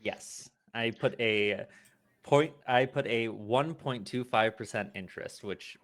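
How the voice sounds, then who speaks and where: A man's voice: mid-range voice, slow, a bit bright. A man playing a tabletop role-playing game, speaking plainly and matter-of-factly. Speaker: player.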